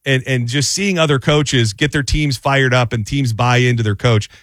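A sports talk host, a man, giving animated, opinionated takes on football. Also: mid-range voice, moderate pace, dry recording.

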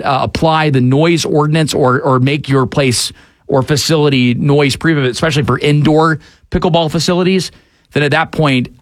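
A man's voice: medium pitch, no room sound. Opinionated male talk host, dry sound. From Atlanta area, USA. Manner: conversational and opinionated, with frequent fillers. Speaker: news talk show host. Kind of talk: casual news commentary.

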